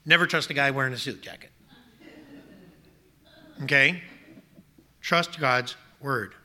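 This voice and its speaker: A man's voice: medium pitch, slow, bright, forceful tone. A pastor preaching a sermon, urging his listeners on with emphatic rhetorical questions.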